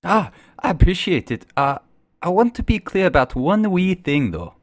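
A man voicing a loud, eager male druid adventurer raised in the forest, speaking up over a noisy tavern. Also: sits high, sing-song, moderate pace, no room sound, pitched above the performer's own voice. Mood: boisterous.

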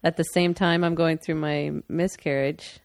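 Young woman, low gravelly voice, candid rambling chat, dry close sound; casual talk. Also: fairly even intonation, measured pace, darkish tone, no room sound. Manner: candid, rambling, laughs often. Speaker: partner sharing a personal story. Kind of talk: casual conversation.

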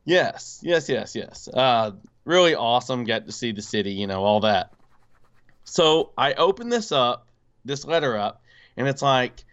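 A man casually telling a personal story on a podcast, animated, with many fillers and acted-out quotes. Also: mid-range voice, unhurried, clear, resonant tone, highs cut off. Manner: animated, acts out quoted voices, frequent fillers.

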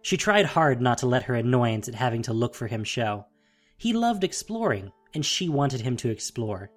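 A narrator reading a fantasy audiobook in a steady, dramatic storytelling manner. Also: mid-range voice, normal speed, soft background music.

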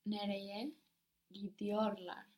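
A woman student answering a teacher's prompts in a language lesson, speaking softly and carefully. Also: mid-range voice, level tone, slow pace. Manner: soft, careful, tentative answers.

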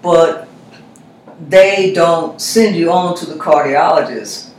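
A man, a reverend, talking through faith and health in a measured, reflective way. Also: fairly high pitch. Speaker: reverend, guest. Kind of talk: conversational discussion. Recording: very echoey room, faint noise.

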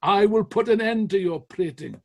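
A man acting out a furious puritan general, denouncing an assembly in slow, booming, scornful declarations. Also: animated, husky, exaggerated voice.

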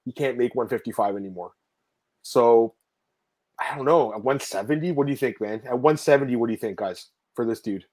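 A man hosting a casual fight-sport podcast, rambling and animated, telling stories with laughs and swearing, often calling out to the viewers. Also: mid-range voice, brisk. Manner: addresses viewers as guys. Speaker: podcast host. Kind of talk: casual MMA podcast chat.

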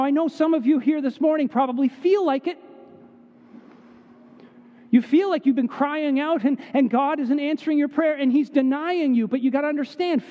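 A pastor with a high-pitched voice delivers a passionate sermon in church, his tone moving between hushed and raised. The audio sounds dull, and a long reverb trails after every phrase.

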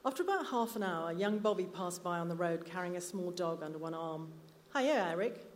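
A lower-pitched woman reads her story aloud, measured and unhurried. The reading echoes through a reverberant hall, with faint room ambience behind. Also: slight background noise. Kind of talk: live literary reading. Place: live literary night venue.

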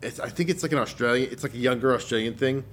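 A man's voice: mid-range voice, fast talker, slight background noise. A man co-hosting a podcast in casual chat, meandering and hesitant, with many restarts and fillers. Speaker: podcast co-host.

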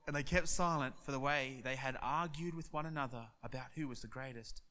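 Male pastor, mid-pitch voice, animated sermon storytelling with acted-out dialogue. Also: a little fast, few pauses.

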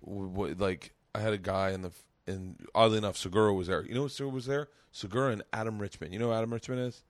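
A man hosting a casual comedy podcast, telling stories loudly and swearing, often breaking into laughter. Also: on the low side, fast, dry recording. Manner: loud, laughing, animated storyteller who swears a lot. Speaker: podcast host.

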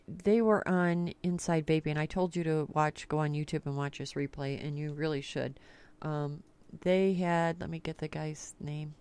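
A woman's voice: deep voice, darkish tone, smooth. A woman hosting a talk radio podcast, telling stories in a casual, blunt way and swearing freely. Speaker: podcast host.

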